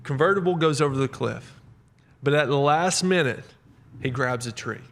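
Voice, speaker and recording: Lebhafter Mann, der Geschichten erzählt. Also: male voice, mid-range voice, moderate pace, creaky, a little hiss or hum. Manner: animated storyteller, acts out voices in jokes. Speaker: podcast co-host. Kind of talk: casual faith discussion.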